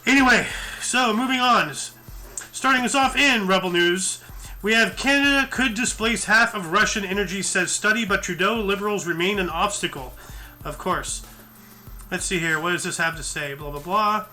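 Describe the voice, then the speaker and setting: A man's voice: high voice, moderate pace, bright, forceful tone, soft background music. A tired man hosting a news show, reading articles aloud and breaking off into rambling asides full of fillers and restarts. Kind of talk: casual news commentary read from articles.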